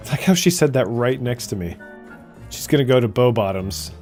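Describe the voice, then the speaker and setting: A man giving playful, jokey commentary as he streams a video game. His voice moves around lively, and faint game music plays underneath. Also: mid-range voice, fairly quick. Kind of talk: casual gameplay commentary.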